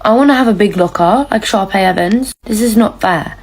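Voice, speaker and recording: A woman's voice: mid-range voice, a little fast, vocal fry, husky. A young woman from England ranting to camera in a whiny, swearing, comic way. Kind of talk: casual rant to camera.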